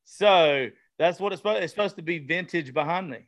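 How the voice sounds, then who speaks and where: A man's voice: a little high, a little fast, fairly bright tone. A man with a Southern US accent, hosting a loose, profane, rambling casual chat from a studio room. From American South. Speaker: podcast host, comedian. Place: studio room with vintage decor.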